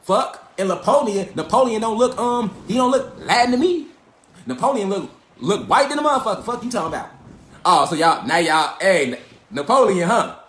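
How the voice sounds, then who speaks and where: A man's voice: high-pitched, animated, moderate pace, a bit bright, slight background noise. A man giving a profane, emphatic livestream lecture into a phone or webcam, repeating rhetorical questions. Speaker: online lecturer. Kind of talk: animated livestream rant.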